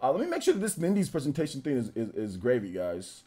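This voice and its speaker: A man's voice: mid-range voice, huge pitch swings, fast, husky. A man streaming live, greeting viewers from chat one by one and laughing at trolls in a casual, slangy way. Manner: shouts out chat names, trash-talks trolls, laughs often.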